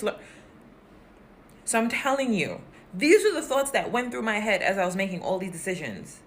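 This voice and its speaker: A woman in her thirties talking candidly to her viewers, swinging between animated emphasis and quiet, hushed remarks. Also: mid-range voice, normal speed, long pauses, a little hiss or hum. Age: 30s. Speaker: vlogger. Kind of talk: casual talk to camera.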